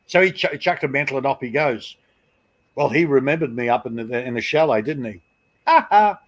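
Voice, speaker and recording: A man's voice: mid-range voice, animated, fairly quick. A middle-aged man with an Australian accent, telling long rambling stories at home and swearing freely on a live stream. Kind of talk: casual storytelling.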